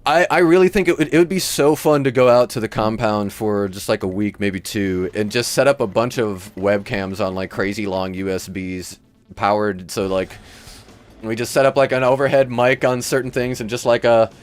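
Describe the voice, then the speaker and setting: A man's voice: fairly low pitch, fairly even intonation, moderate pace. A man from Michigan with a Midwestern accent, hosting a livestream and chatting casually with viewers, rambling and laughing often. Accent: Midwestern American. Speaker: livestream host.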